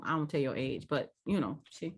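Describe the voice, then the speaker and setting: A woman in her forties co-hosting a casual podcast chat, expressive, with quick laughs and short asides. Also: sits low, slightly rough. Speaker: podcast co-host.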